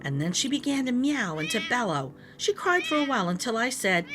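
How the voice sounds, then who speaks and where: A woman reads a rhyming picture book aloud at storytime, bright in her delivery and full of expression. Her fairly high voice bounces through a wide range. Quiet music plays beneath her. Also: big pitch swings, brisk, few pauses. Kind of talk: read-aloud storytime narration.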